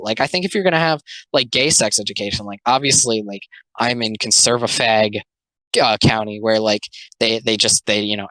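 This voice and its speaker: A man's voice: medium pitch, sharp tone, no echo, rough recording. A young man doing a casual commentary video, rambling with lots of fillers and sounding exasperated.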